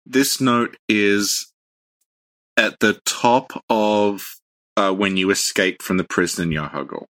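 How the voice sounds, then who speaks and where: Low voiced guy, crisp bright tone, deadpan lore chat. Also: slow. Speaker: podcast co-host. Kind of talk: casual chat about game lore.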